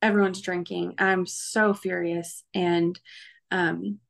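A woman's voice: lowish voice, flat delivery, takes it slowly, creaky. A woman guest recounting her testimony in an interview, earnest and emotional, with many fillers.

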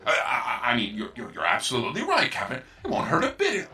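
A scheming ship computer from a cartoon, voiced by a man, oozes false friendship with huge leaps in pitch. His tone is bright and edged, and the voice sits a bit far from the mic. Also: wildly swooping pitch, fast, exaggerated voice. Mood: fawning. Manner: oily, fawning, sinister.

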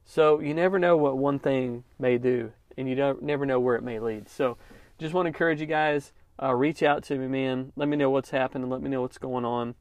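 A man talks casually on his podcast, telling a story and encouraging his listeners. His pitch sits in an ordinary middle range. The close mic gives a dry sound with no room echo. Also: steady tone, a little fast. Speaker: podcast host, lawn care business owner. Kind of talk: casual motivational podcast talk.

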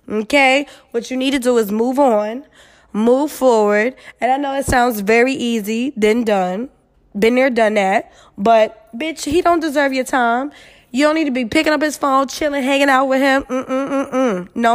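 A young woman hosts an advice podcast and answers listener emails in a blunt, scolding way. Her voice sits a little high, and she swears freely as she talks straight to the letter writer. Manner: blunt, profane, animated and scolding. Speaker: podcast host.

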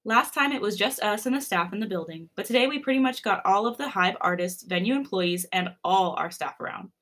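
A woman's voice: medium pitch, expressive, fairly quick, fairly bright tone. Podcast host reading fan fiction aloud, woman, laughs a lot, casual. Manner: laughs often while reading.

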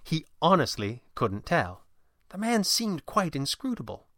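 A man narrating an audiobook in an even, measured storytelling manner. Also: a little high, dry recording, studio quality.

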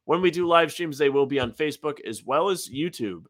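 A man's voice: a little high, expressive, a little fast, fairly bright tone. A man co-hosting a sports podcast in casual chat, laid-back with dry jokes and reading the outro plugs. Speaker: podcast co-host.

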